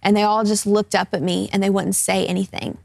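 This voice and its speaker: A woman's voice: mid-range voice, little pitch movement, fairly quick, gravelly, a little mellow, no echo, studio quality. A woman in her twenties telling a personal testimony as a guest in an interview. She talks earnestly and casually, with lots of fillers. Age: 20s.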